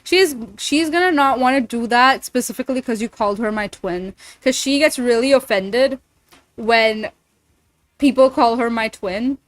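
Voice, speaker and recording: A woman's voice: a little high, normal speed, low-quality recording. A young woman voice actor chatting casually with viewers on a livestream, giggly, slangy and given to swearing. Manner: giggly, slangy and profane, reacting to chat.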